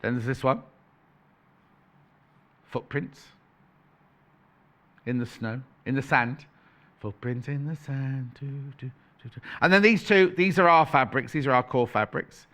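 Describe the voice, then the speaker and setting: A man's voice: mid-range voice, unhurried, pauses often, a bit bright. A man presenting on a shopping channel, chatting playfully in live sales patter, correcting himself and reading out prices as he goes.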